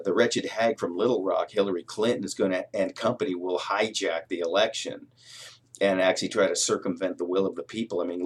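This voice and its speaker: A man's voice: fairly low pitch, darkish tone. A man delivering a rambling, heated political rant to camera, full of fillers and restarts. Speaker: political vlogger.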